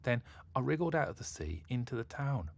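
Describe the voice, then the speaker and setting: A man's voice: very animated, a little fast, gravelly. A man putting on a stroppy tearful mermaid girl. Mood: sad. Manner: scornful, whiny, high and loud. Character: sulky lonely young mermaid girl, demanding and tearful.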